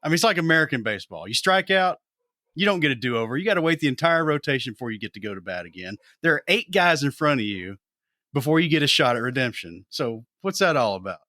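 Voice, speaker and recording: A man's voice: mid-range voice, sing-song, fast, bright, forceful tone, no room sound, studio quality. A man co-hosting a podcast in casual chat, joking and teasing. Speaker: podcast co-host.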